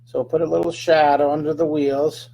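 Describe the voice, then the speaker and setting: A man's voice: fairly high pitch, level tone, normal speed, gravelly, warm tone. A man teaching a live drawing lesson, chatting through each stroke with playful sound effects.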